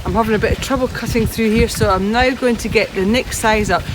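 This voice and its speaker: A woman's voice: a little high, quick pace. A woman presenting a hands-on gardening demonstration outdoors, chatty and practical, talking through each step as she cuts. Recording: outdoor recording with traffic noise. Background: steady outdoor noise with passing traffic.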